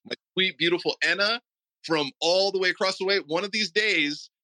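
A man's voice: high voice, moderate pace, bright, forceful tone, rough recording. A man hosting a support group, speaking earnest, heartfelt words, often stammering and repeating himself. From Puerto Rico. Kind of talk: heartfelt tribute talk. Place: online audio room.

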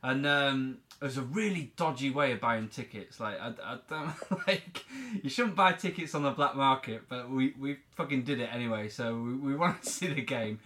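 A man's voice: medium pitch, normal speed, hardly any pauses, sharp tone. A young man co-hosting a casual football podcast, telling a story with swearing and laughter. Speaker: podcast co-host. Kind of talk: casual chat.

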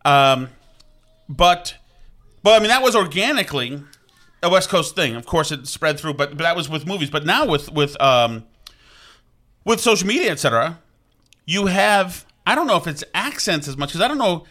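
Rambling bright-voiced man. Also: on the high side, very animated, moderate pace. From Vermont. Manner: rambling, full of restarts and asides. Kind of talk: casual chat.

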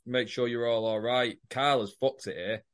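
A man's voice: mid-range voice, steady tone, moderate pace, fairly bright tone, smooth, dry recording, studio quality. A man chatting on a podcast, blunt, sweary and teasing his co-host. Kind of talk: casual chat.

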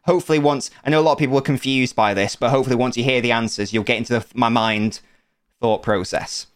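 A man's voice: medium pitch, fairly even intonation, quick pace, clear, resonant tone. A young man hosting a podcast quiz segment in a casual, playful, teasing way, often laughing. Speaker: podcast host running a quiz.

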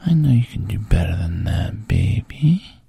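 Playing a smooth-talking, pushy fraternity guy in a whispered role-play, a man uses a full character voice: low, gravelly, breathy, mellow, and sing-song. He coaxes slowly, dwelling on calling the listener baby and sweetheart, and the recording is close and dry.

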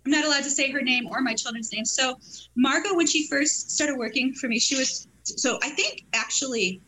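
A woman's voice: sits high, moderate pace, sharp tone, a little hiss or hum, poor audio. A middle-aged woman chatting as a guest on a local talk show, bubbly and rambling, laughing often. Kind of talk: lively casual chat.

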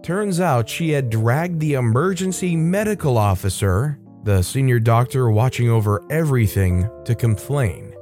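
Male narrator, mid pitch, steady story reading, faint guitar music behind. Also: normal speed, few pauses.

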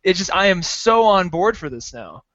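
Eager fairly high-voiced man chatting. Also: moderate pace, dry recording, lo-fi sound. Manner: enthusiastic, animated. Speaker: podcast co-host. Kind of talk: casual chat.

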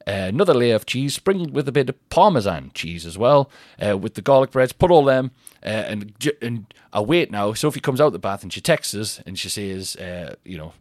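A man's voice: on the low side, big pitch swings, moderate pace, dry recording. Rambling man, dry close sound. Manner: rambling and self-mocking, with frequent restarts and laughter. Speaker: podcast host. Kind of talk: casual comic monologue.

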